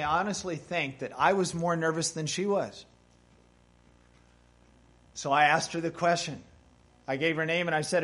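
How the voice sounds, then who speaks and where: A man's voice: on the high side, fairly bright tone. A male pastor preaching a sermon, telling stories and rising to emphatic bursts.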